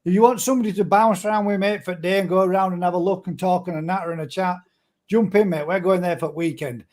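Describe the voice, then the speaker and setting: A man's voice: high-pitched, fairly even intonation, quick pace, darkish tone. A man hosting a casual live-stream chat, friendly and calling people mate. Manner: chatty, friendly, calls everyone mate.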